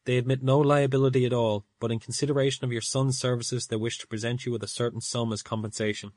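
A man voicing an uneasy male visitor in a storybook reading, quiet and formal. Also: mid-range voice, flat delivery, quick pace, no room sound, natural voice. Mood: subdued. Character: ill-at-ease male visitor, formal and subdued.

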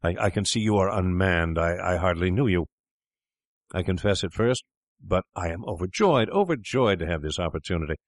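A man's voice: low-pitched, animated, normal speed, no echo, clean studio sound. A man voicing a flustered, wealthy elderly doctor who stammers and hurries his words.

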